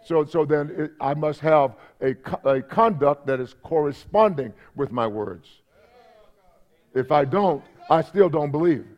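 A man's voice: on the high side, a little slow, highs cut off. A man preaching a sermon in a conversational way, repeating himself and checking in with the congregation. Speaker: pastor.

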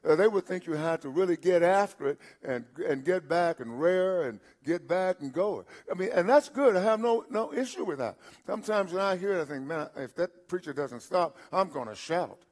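A man's voice: high voice, lively intonation. Older preacher man in his seventies. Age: 70s. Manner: repetitive preaching with rhetorical questions, swelling louder at points; halting restarts and filler sounds. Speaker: pastor. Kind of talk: sermon.

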